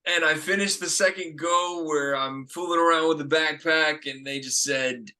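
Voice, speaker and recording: A young man with a bright, forward voice tells audition stories over a video call. He slips into the voices of the people he quotes, keeping the talk lively and casual. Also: fairly high pitch, normal speed. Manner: animated, acts out quoted lines. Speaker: actor and host. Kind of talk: casual storytelling chat.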